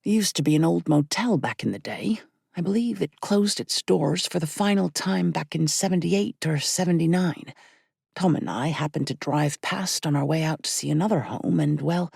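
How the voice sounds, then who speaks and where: Warm Irish landlady, middle-aged widow, gentle and lilting, read by a woman, low, mellow, slightly gravelly. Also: moderate pace, dry recording, studio quality, heavily acted. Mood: welcoming.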